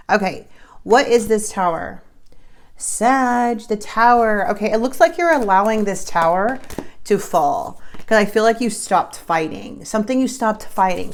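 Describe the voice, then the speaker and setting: A woman doing a casual tarot reading to camera, chatty and emphatic, with many fillers and restarts. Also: fairly low pitch. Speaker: tarot reader.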